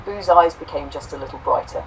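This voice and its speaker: A woman co-host reading a homespun robot story aloud, saying the quote marks out loud, then reflecting warmly on it. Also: sits low, fairly quick, far from the mic, a little hiss or hum, rough recording. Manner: warm, affectionate, reads quote marks aloud.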